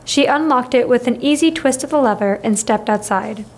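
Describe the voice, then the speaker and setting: A woman reading a children's novel aloud in a steady, expressive way. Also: on the high side, moderate pace. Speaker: reader. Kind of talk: storybook read-aloud.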